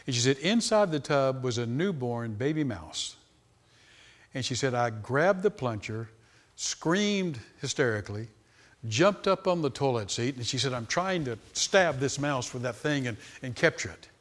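A man in his sixties preaching a sermon, telling stories that start low and soft and build to loud, high, animated peaks. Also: a little slow. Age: 60s. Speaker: pastor. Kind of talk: sermon storytelling.

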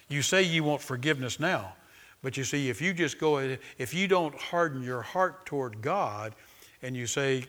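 Speaking at a moderate pace with a medium-pitched, slightly bright voice, a male pastor gives a sermon to a live congregation in a church sanctuary. Passages read aloud from a book alternate with informal remarks, questions to the listeners, and a line he has them repeat.

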